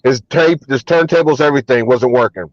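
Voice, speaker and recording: A man's voice: mid-range voice, a little fast, dry recording. Man telling stories in a dull, dry recording. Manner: relaxed anecdotes with many ums and restarts. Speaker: guest, hip hop and R&B artist and DJ. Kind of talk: casual storytelling interview.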